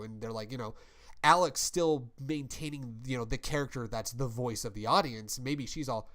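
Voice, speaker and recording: A young adult man in casual chat, rambling and swearing as he pitches a story and acts out its quotes. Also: fairly quick, a bit bright. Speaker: podcast co-host.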